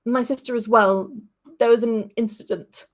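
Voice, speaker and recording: A polite, earnest young man speaks with careful courtesy and a slight hesitance, as a woman reading a story aloud puts him on. His voice sits fairly high for a man, and his manner is sincere and well-meaning. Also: steady tone, moderate pace, natural voice.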